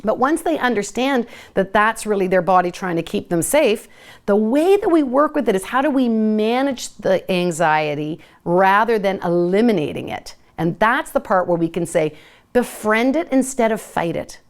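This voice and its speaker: A middle-aged woman giving a live parenting talk as host, lively and at times sing-song when she shows how to talk to kids. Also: medium pitch, normal speed. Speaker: parenting educator hosting a live session.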